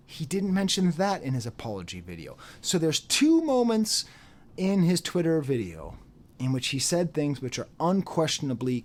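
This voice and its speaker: A man giving an unscripted commentary monologue, repeating phrases for emphasis and dropping into mocking quoted voices. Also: mid-range voice. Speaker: YouTube commentator.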